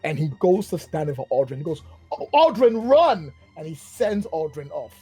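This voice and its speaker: A man narrating a tabletop role-playing game as game master, casual and animated. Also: a little high, a little fast, husky, no echo, faint music behind. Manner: animated, casual, rambling with fillers.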